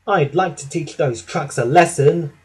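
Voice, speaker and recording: A man voicing an eager, cheeky little male tank engine in a storybook reading, puffing with excitement. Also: on the high side, measured pace, breathy edge. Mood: cross. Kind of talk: storybook narration.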